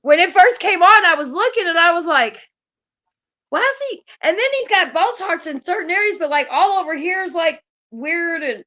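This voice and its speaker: A woman's voice: very high-pitched, lively intonation, moderate pace, bright, forceful tone, dull audio. A woman hosting a casual live stream, chatting and swearing to her viewers.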